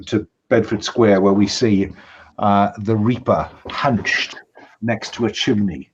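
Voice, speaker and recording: Halting man on a dull line. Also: fairly low pitch, husky. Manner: halting, many restarts. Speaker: player. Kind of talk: tabletop game play, describing scenes.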